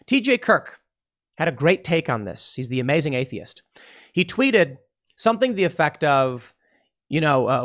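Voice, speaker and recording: A man's voice: fairly high pitch, lively intonation, moderate pace, a bit bright. A man hosting a podcast, delivering an emphatic political commentary monologue with repeated phrases and frequent restarts. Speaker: podcast host.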